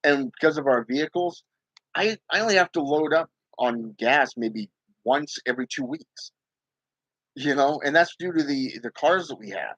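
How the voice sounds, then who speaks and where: A man's voice: a little high, lively intonation, normal speed, fairly bright tone, dry recording, highs cut off. A man hosting his own channel, talking casually and emphatically to viewers about spirit work, often checking in with "okay?". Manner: emphatic, repeats "okay?" and "you know". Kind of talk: casual livestream talk.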